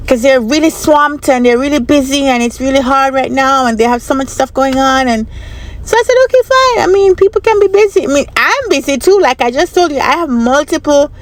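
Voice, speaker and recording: A woman's voice: sits high, steady tone, brisk. A woman vlogger telling a personal story in a casual, chatty way, often repeating herself and asking the viewer what they think. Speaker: vlogger and business analyst trainer.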